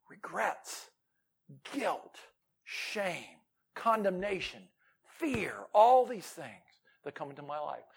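A man preaching a sermon, rising to loud emphatic lines and dropping to near whispers. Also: high-pitched, slightly rough. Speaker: pastor.

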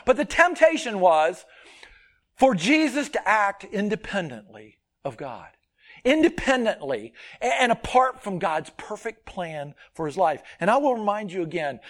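Male preacher, high voice that jumps all over, earnest sermon, loud then soft. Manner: earnest, emphatic, swings from loud stresses to quiet asides.

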